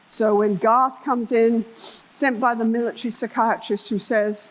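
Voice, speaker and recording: An older woman with an English accent delivers a conference keynote with a slightly high voice. She tells case stories with energy and slips into the voices of the people in them. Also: unhurried, low-quality recording. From England. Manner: animated, acts out voices in her stories. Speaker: therapist giving a conference talk. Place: conference hall.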